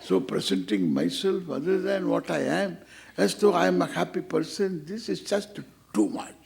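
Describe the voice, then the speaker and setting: Gravelly older man teaching with humor. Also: high-pitched, normal speed, a little mellow. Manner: playful, teasing, acts out quoted dialogue. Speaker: spiritual teacher. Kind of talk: humorous scripture class.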